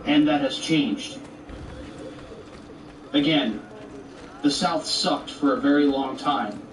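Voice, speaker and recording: A man's voice: medium pitch, takes it slowly. A man giving argumentative commentary, rebutting a video in a sarcastic, exasperated rant. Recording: roomy, distant with faint noise.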